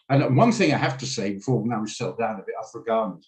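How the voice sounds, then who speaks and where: A man's voice: lowish voice, lively intonation, slow, pauses often, rough recording. Chatty man coaching a trading class. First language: English. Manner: chatty, rambling, laughs often. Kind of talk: live online trading class. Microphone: video call.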